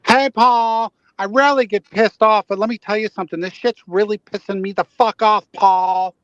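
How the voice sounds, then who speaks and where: Man puts on an angry motorist, ranting and cursing, pitched up, dry close sound. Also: steady tone, moderate pace, a bit bright, no echo, dull audio. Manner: ranting, profane, repeats a name. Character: furious swearing man stuck in traffic. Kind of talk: comic impression on a livestream panel.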